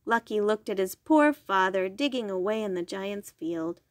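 A woman reading a bedtime story aloud, slowly and gently. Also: medium pitch, lively intonation, no room sound, studio quality. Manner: slow, gentle, clear.

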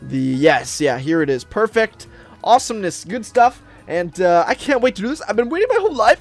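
A man's voice: high voice, very animated, a little fast, soft background music. A man narrating a roleplay game for viewers, upbeat and chatty, with many fillers. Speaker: Roblox roleplay YouTuber. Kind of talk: excited gameplay narration.

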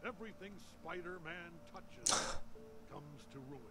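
A man's voice: high-pitched, a little slow. An actor playing a brash male news anchor in a film, declaiming a broadcast sign-off. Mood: ranting. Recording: film audio over loud music.

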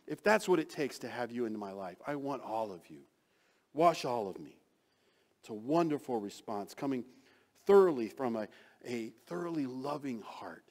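A man preaching a sermon as pastor, acting out quoted lines with sudden swings from loud to soft. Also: mid-range voice, lively intonation, moderate pace.

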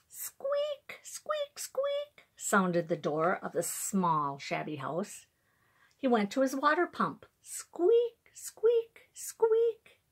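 Expressive woman storyteller reading aloud to children; husky, animated delivery. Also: medium pitch.

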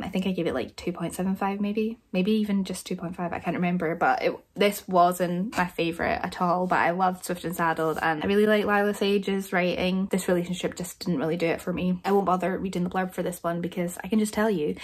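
Chatty woman on a book haul. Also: lowish voice. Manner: chatty, self-deprecating, thinks aloud. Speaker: book vlogger. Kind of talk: casual book haul chat.

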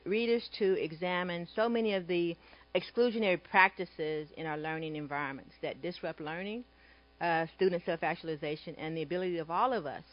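A woman moderating an education panel, introducing questions in a measured way. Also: lowish voice, dull audio. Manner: measured, with frequent "uh" fillers.

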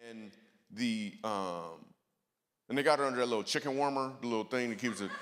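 Medium-pitched and brisk, this guest preacher gives a humorous sermon in a church auditorium, with the hall's reverb audible. He mixes jokes into his stories and banters with the audience.

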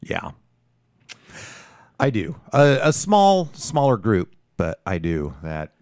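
Deep, slow male radio co-host. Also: huge pitch swings, a little mellow, no room sound, studio quality. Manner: agreeable, laughs easily. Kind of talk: casual radio talk.

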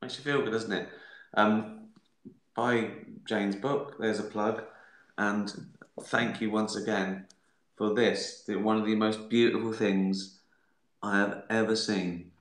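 A man's voice: fairly low pitch, little pitch movement, takes it slowly, pauses often. A middle-aged man hosting a casual live stream, answering viewer questions in a rambling, hesitant way with dry jokes. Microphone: phone streaming live. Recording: roomy, echoey room sound.

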